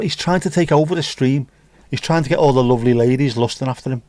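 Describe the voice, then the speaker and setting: A man hosts a relaxed livestream, wandering from joke to joke and breaking into bits of old songs. His voice sits at an ordinary middle pitch. The sound is dry and close, with no room echo. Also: fast. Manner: jokey, rambling, sings snatches of songs. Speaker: livestream host. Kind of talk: casual chat reading viewer comments.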